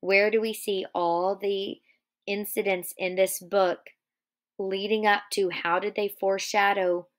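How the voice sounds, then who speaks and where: A woman's voice: medium pitch, little pitch movement, measured pace. A woman teacher guiding a class reading who stops often to pose questions to her students. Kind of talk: guided reading lesson.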